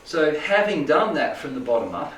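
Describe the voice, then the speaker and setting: Aussie guy rambling to a group, slightly high voice, echoey room with the mic set back. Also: big pitch swings, normal speed, fairly bright tone, distant mic, a little hiss or hum. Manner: rambling, checks in with "right?" and "make sense?". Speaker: spiritual healing teacher. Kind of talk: informal talk to a small group. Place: indoor room with a live audience.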